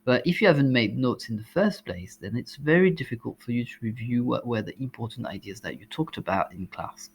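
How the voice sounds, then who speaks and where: A man's voice: mid-range voice, animated, fairly quick, creaky, few pauses, slightly rough. A man with a French accent, a language teacher giving exam tips, explaining step by step with frequent ums and uhs.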